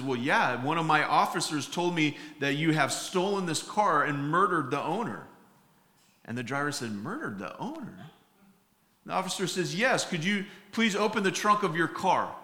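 A man with a bright, slightly high voice delivers a sermon. He tells jokes as stories, acting out each character's lines, and often pauses on fillers and restarts. The room gives his voice a noticeable echo. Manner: storytelling with acted-out quotes, many fillers and restarts. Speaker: pastor.

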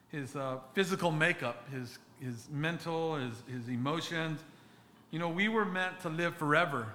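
A man preaching a sermon as a pastor, speaking earnestly and haltingly, often restarting and repeating words. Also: medium pitch, bright, forceful tone, slight background noise.

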